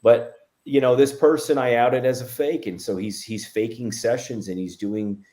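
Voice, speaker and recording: A man's voice: medium pitch, steady tone, moderate pace, warm tone. A man, a medium guest, telling a story in a casual interview, rambling with many fillers and restarts.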